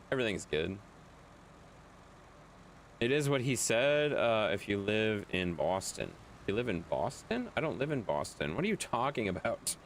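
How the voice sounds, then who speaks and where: A man's voice: lowish voice, a little hiss or hum. A man streaming a video game, chatting casually with viewers, reading their chat aloud and laughing often.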